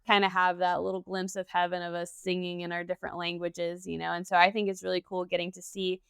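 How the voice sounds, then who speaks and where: A woman co-hosts a casual podcast and speaks with open enthusiasm in a chatty rhythm. Her voice is smooth and clear. It sits close and dry, with no room echo. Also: on the low side, completely flat delivery, fast. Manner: enthusiastic, conversational, frequent "you know". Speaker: podcast co-host.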